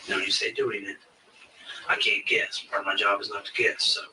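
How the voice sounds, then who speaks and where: Probing investigator man, bright flat voice. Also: fairly low pitch, brisk. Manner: probing, steady questioning. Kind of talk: recorded police interview. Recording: distant mic with faint hiss.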